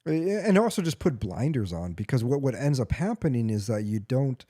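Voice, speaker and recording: Podcast guy, keeps saying yeah, stammers, mellow lively voice a bit high. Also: brisk. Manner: stammering, eager agreeing. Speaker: podcast co-host. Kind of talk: casual chat.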